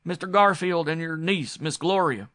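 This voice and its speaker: A man's voice: on the high side, normal speed, voice pushed up, lightly acted. A man voicing a frightened servant whose voice is strangled and gasping with fear. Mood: terrified. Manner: gasping, shouting.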